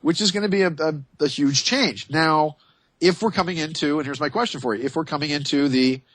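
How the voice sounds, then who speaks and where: A man's voice: a little high, fairly quick, fairly bright tone, dry recording. A man hosting a radio talk show, chatting and joking in a rambling way.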